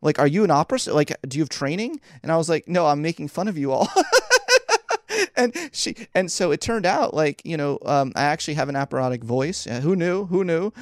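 Guy on a podcast, excited storytelling, keeps laughing, dry sound. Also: a little high, fairly quick, no room sound. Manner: animated, laughs often, acts out quotes. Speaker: podcast guest. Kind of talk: casual interview storytelling.

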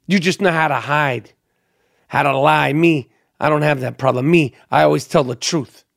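A man's voice: a little high, normal speed, gravelly, a bit bright, no room sound, clean studio sound, voice pushed down. A man imitating a swaggering, defiant gangster boss in a mock Cuban accent, snarling and profane.

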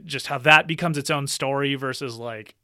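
Man, podcast talk, bright and slightly high, earnest, laughs easily, dry close sound. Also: no echo. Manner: earnest, thoughtful, quick to laugh. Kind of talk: casual podcast conversation.

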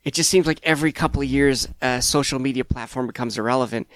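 A man's voice: medium pitch, fast, fairly bright tone, no echo. A man in his thirties, a stand-up comedian appearing as a podcast guest, telling stories in an easygoing, thoughtful way. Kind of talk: casual conversation.

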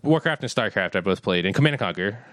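A man chats as a podcast guest in an easygoing way, his pitch swinging widely. The recording is dry and close. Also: lively intonation, quick pace, fairly bright tone, no echo. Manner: easygoing, lots of likes and fillers. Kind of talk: casual chat.

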